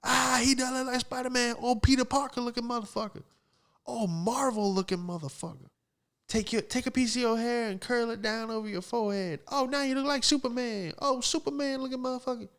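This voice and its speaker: A man's voice: very high voice, fairly quick, fairly bright tone, voice pushed up. A man mimicking a squealing, teasing woman fan. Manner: squealing, laughing, repeating herself. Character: gushing teasing woman fan after a show.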